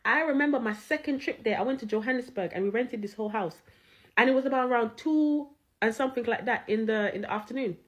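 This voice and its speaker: A woman's voice: a little high, fast, highs cut off. A woman telling a funny story in casual, slang-heavy chat, laughing as she goes.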